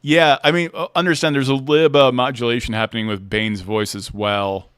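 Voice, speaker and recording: A man's voice: medium pitch, fairly even intonation, brisk, hardly any pauses, a bit bright, smooth, no room sound, clean studio sound. A man hosting a casual livestream chat who talks playfully and laughs often. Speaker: host.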